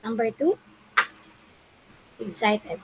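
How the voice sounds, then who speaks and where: Over a video call with a noisy background, a Filipino-accented woman teacher from the Philippines runs an online English lesson. Her voice is a little high and animated, and she takes things slowly. She cheers her pupils on, alternating between Tagalog and English.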